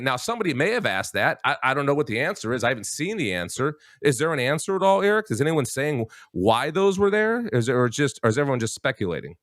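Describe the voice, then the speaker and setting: A man's voice: medium pitch, very animated, fast, hardly any pauses, a bit bright, no echo, studio quality. A man hosting a talk show, giving an emphatic opinion monologue and talking straight to his listeners as folks. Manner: emphatic, addresses listeners as folks, many restarts.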